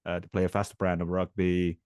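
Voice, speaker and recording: A man talking in a measured way in a casual podcast chat, often pausing on "uh" fillers. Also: low voice, level tone, darkish tone, dry recording, clean studio sound.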